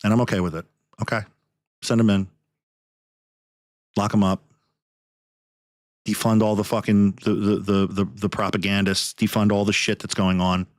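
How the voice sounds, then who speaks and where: A man's voice: lowish voice, level tone, normal speed, long pauses, dry recording, clean studio sound. A podcast host man ranting in anger, swearing heavily as he talks. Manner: angry, profane, heavy swearing. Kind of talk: heated podcast rant.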